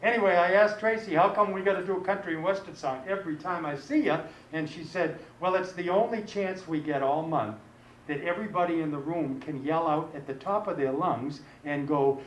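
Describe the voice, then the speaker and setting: A man entertaining at a live sing-along show, trading folksy jokes with the crowd. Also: fairly high pitch. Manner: folksy, joking patter with the crowd. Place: senior community function room. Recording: live, echoey room with loud music. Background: piano playing.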